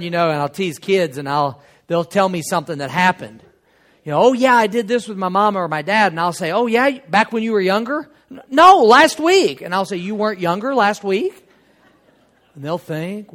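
A middle-aged man preaching a sermon in a conversational, joking way, teasing the congregation and laughing along. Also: high-pitched. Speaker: pastor.

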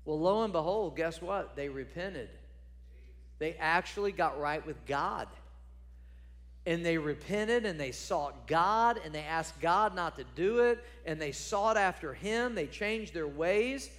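A man's voice: high-pitched, lively intonation, unhurried, fairly bright tone, big-room sound. A man preaching a sermon as a pastor, conversational and emphatic, repeating phrases for stress.

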